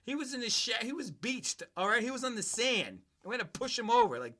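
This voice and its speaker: A sports podcast host speaks high in his range, very animated and a little fast. His tone is bright and cutting as he veers into profane, mocking tangents during casual chat.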